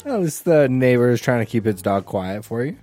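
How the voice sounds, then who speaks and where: A man's voice: medium pitch, very animated, a little fast, warm tone, soft background music. A man co-hosting a podcast in casual chat, making laid-back, dry remarks. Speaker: podcast co-host.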